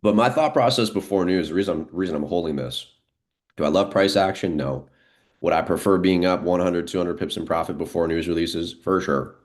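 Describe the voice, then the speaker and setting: A man giving live, unscripted market commentary as a trading streamer, thinking aloud in a relaxed way with frequent fillers. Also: deep voice, a little fast.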